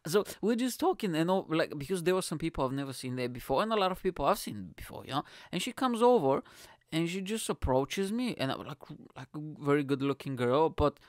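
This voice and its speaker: A man's voice: a little high, sing-song, brisk, dry recording, clean studio sound. A man who does stand-up comedy, telling a rambling, self-mocking story in casual talk, swearing freely and laughing at himself. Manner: laughs at his own story.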